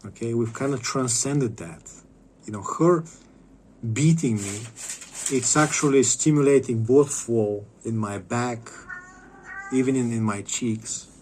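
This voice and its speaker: A man rambles through a casual vlog monologue, swearing freely and stumbling over restarts. His voice sits in an ordinary middle pitch. Faint noise hums behind him. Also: a little slow, darkish tone. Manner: rambling, profane, stammering restarts.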